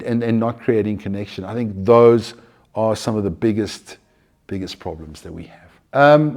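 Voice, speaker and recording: A man giving an earnest, conversational talk on mindfulness, animated and often restarting his sentences. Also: lowish voice. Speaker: mindfulness speaker.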